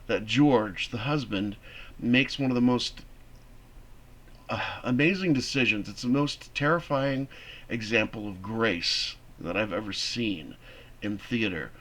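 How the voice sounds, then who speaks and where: Man giving a lively theater lecture. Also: lowish voice. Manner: animated, conversational explaining. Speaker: theater teacher. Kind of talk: classroom lecture.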